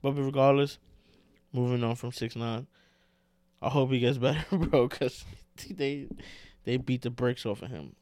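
A man co-hosting a casual podcast, talking in an animated, slangy way and saying "bro" a lot. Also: medium pitch, unhurried, no echo. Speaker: podcast co-host.

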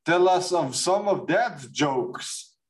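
Man, casual podcast co-host, halting and filler-heavy, echoey room. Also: fairly high pitch, lively intonation, a little hiss or hum. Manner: halting, full of fillers and restarts. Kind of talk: casual chat.

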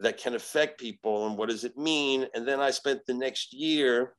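A man telling a story as a podcast guest, animated and profane, acting out the voices in it. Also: mid-range voice, moderate pace, clean tone, poor audio. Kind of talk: casual storytelling.

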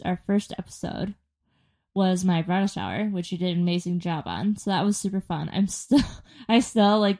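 A woman's voice: mid-range voice, a little mellow. A young woman co-hosting a podcast in casual chat, telling stories and often laughing mid-sentence. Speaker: podcast co-host.

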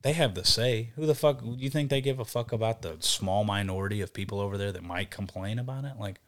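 A young man and podcast guest telling profane, animated stories in casual chat. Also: lowish voice, fast. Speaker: podcast guest, band vocalist.

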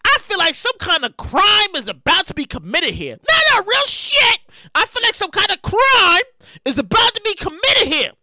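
A woman hosting a podcast, ranting loudly and comically with lots of profanity and shouting. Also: high-pitched, no room sound, studio quality. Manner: loud, animated, profane ranting with frequent shouting. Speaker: podcast host. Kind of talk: comedic current-events rant.

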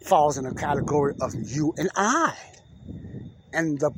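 Man, high voice, folksy preachy commentary, outdoors at night, faint background noise. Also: expressive, measured pace. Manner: folksy, preachy, clears throat often. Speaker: podcast host. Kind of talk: casual political commentary. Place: outdoors in the dark.

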